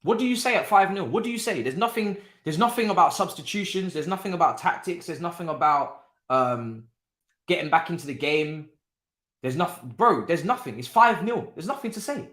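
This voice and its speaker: A young man hosts a live football watchalong, repeating himself and laughing as he reacts. His voice sits a bit high for a man, and the room adds a noticeable echo. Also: normal speed. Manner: animated, repetitive, laughing, slangy. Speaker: watchalong host. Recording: roomy echo.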